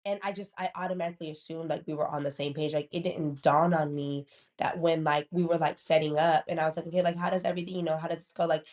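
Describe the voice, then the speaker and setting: A woman's voice: sits low, fairly even intonation, fast talker, darkish tone. Chatty woman, lots of "like". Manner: talkative, full of "like" and "you know what I'm saying". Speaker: guest. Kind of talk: casual chat.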